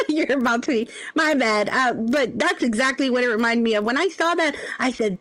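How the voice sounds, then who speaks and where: A woman with a high voice tears into a rival on her livestream. She sounds profane and confrontational, and she stretches out her insults. The recording is dry and close. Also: animated, fairly quick, fairly bright tone, dry recording. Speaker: livestream host. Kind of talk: heated livestream rant.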